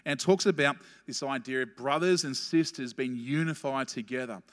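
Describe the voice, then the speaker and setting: A man preaching a sermon as pastor, telling a story with quick, animated asides and laughing at his own jokes. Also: medium pitch. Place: church hall. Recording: long reverb of a church hall.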